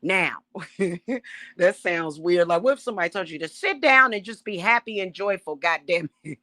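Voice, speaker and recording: A middle-aged woman, a self-styled high priestess, ranting to her viewers in a casual, emphatic and profane way. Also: moderate pace, sharp tone, no room sound. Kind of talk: casual spiritual rant to camera.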